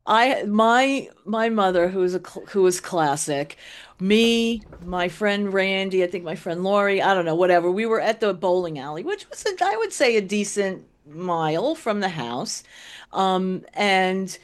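A woman's voice: mid-range voice, animated, measured pace. A middle-aged woman telling rambling stories in casual chat as a co-host, often laughing.

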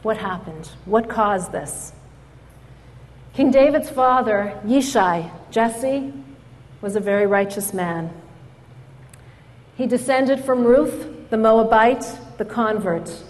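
A woman's voice: on the high side, takes it slowly, long pauses. Storytelling woman in a reverberant hall. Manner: animated storyteller, acts out quoted voices. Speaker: speaker at an event. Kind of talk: storytelling speech.

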